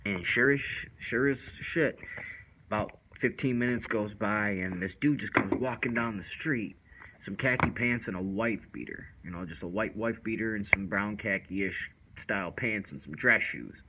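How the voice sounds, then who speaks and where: A man's voice: on the low side, normal speed, very noisy. A man casually telling a first-person story in loose, rambling street slang with lots of fillers.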